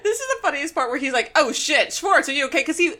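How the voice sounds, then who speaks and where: A woman's voice: sits high, big pitch swings, fast talker, pushed and bright. A woman co-hosting a casual podcast, playfully recapping scenes, laughing often and acting out characters' lines. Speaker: podcast co-host.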